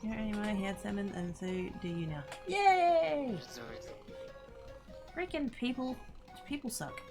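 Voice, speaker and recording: A woman streaming a game, chattering to herself and her viewers, squealing with excitement now and then. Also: medium pitch, fairly quick. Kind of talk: casual gameplay livestream chatter. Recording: game music playing underneath.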